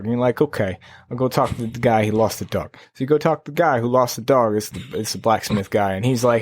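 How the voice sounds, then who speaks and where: A man co-hosting a podcast in casual chat, low-key and laid-back, rambling through stories with a tired edge. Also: fast talker, no room sound. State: sleepy. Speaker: podcast co-host.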